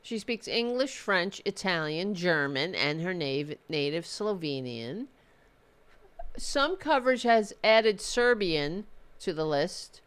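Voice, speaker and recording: A woman's voice: fairly low pitch, sing-song, slow pace, a bit bright, clear, resonant tone. Profane, sarcastic woman vlogger. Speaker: political vlogger. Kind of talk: ranting political commentary.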